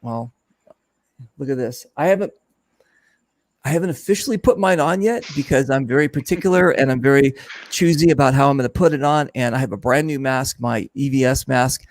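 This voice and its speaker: A man hosting a casual chat, telling a lively story and acting out what others said. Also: mid-range voice, brisk, no room sound. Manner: animated storyteller, mimics others in his stories. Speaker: host. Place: event booth.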